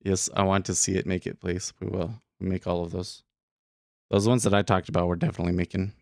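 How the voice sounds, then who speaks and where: A man's voice: low-pitched, level tone, a little fast, gravelly, darkish tone, dry recording, studio quality. A man hosting a day trading livestream, talking casually and rambling with lots of fillers and restarts. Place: home studio room.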